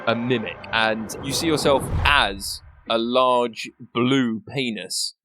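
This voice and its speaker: A man's voice: mid-range voice, slow, over music. A man narrating as game master of a tabletop role-play, laughing often and swearing casually.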